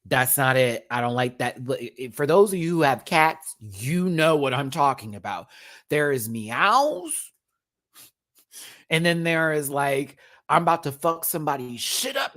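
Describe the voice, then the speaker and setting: A man, hosting a casual livestream from home, chatty and expressive, swearing freely and thanking viewers as he tells stories. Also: mid-range voice. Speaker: livestream host. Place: home, indoors.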